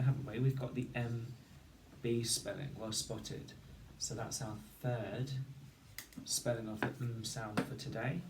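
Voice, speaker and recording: A male teacher giving a patient phonics lesson, slowly sounding out each word and syllable. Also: medium pitch, fairly even intonation, a little mellow. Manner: slow, patient, sounding out words. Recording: roomy, distant mic with faint noise.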